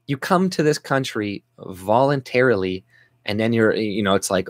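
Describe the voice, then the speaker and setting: A man's voice: fairly low pitch, normal speed, dry recording. A young Canadian man ranting angrily on his vlog, swearing and restarting his sentences often. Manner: profane, exasperated, rambling with restarts. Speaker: vlogger. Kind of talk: angry political rant.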